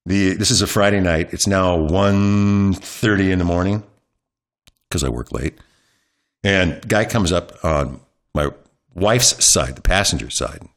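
A middle-aged man with a notably deep voice spins a long, animated anecdote, his pitch rising and falling widely as he tells it. He talks in a chatty, candid way, with plenty of fillers, as a guest in an interview recorded at his home. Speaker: news anchor as interview guest.

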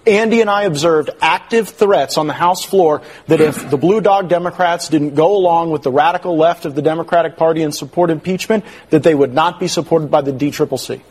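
A man's voice: a little high, fairly quick, few pauses, darkish tone, husky. A male congressman guest in a political interview, pressing his point emphatically.

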